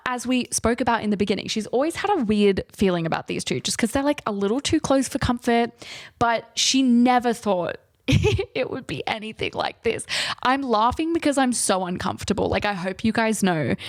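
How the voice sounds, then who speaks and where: A woman's voice: fairly high pitch, animated, moderate pace, no room sound. Sarcastic young woman recapping a book. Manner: sarcastic, swears, laughs often. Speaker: book vlogger. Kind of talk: casual chatty book recap.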